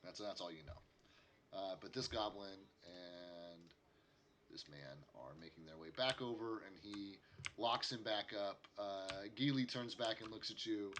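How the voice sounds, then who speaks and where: A man narrating as game master for a tabletop game, halting with frequent restarts. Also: lowish voice, a bit bright, slight background noise. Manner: halting, many fillers and restarts.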